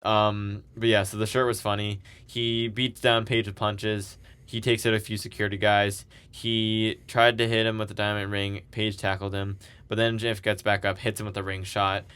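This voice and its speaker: A man with a fairly low, smooth and clear voice talks through a recap in a loose, chatty way. He rambles a bit, restarting sentences and tossing in "like" and "um" as he goes. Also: little pitch movement, normal speed, fairly bright tone. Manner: rambling, filler-heavy recapping with laughs. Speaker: podcast co-host. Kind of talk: casual recap chat.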